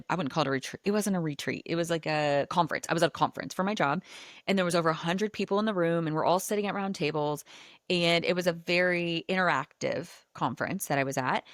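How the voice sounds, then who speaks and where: Chatty woman podcast host, lowish voice. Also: no room sound. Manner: animated, chatty, heavy use of filler "like". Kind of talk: casual storytelling chat.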